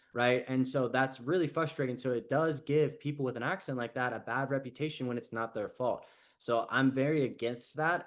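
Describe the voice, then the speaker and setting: A man coaching a group call in a casual, chatty way, filling his talk with "like" and "right?" and acting out quoted people. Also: medium pitch. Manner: casual, lots of "like" and "right?", animated quoted asides.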